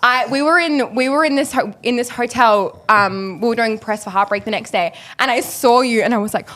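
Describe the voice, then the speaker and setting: A woman, a podcast guest telling stories in a bubbly, quick way with lots of quoted asides. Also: a little high, fairly bright tone. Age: 20s. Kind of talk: casual podcast interview.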